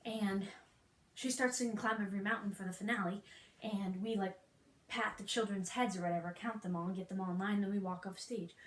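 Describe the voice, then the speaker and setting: Hyper fast-talking woman vlogger. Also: mid-range voice, fairly even intonation. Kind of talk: hyper comedic retelling. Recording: echoey room with faint music.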